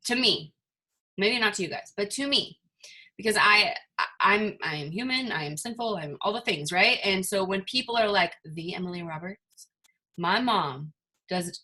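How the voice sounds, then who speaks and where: Woman, team leader, motivational talk, chatty, rhetorical questions, video call, bright tone. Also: mid-range voice.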